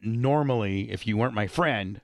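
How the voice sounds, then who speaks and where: A man's voice: on the low side, normal speed, no room sound, studio quality. A middle-aged man on a podcast, telling a crude story in a rambling way, full of restarts. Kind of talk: casual chat.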